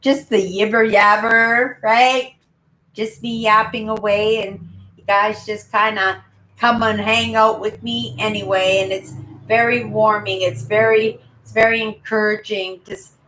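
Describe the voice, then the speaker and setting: A woman's voice: mid-range voice, level tone, unhurried, a little hiss or hum. Chatty woman, roomy echo. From Canada. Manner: rambling, chatty, keeps adding "right?"; self-described loud talker. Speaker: channel host. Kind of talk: casual live-stream chat.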